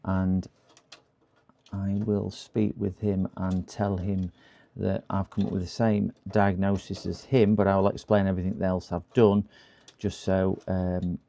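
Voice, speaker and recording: Low gravelly man chatting at his workbench. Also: level tone, a little slow, dark tone. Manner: chatty, mutters to himself while working. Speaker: PC repair livestreamer. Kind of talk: casual live commentary while working.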